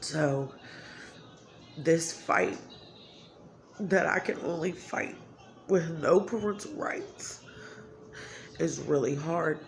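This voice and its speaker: A woman's voice: low voice, slow, creaky, pauses often, slight background noise. A woman talking candidly to her viewers in a blunt, emotional way, swearing freely. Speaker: vlogger. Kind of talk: candid talk to camera.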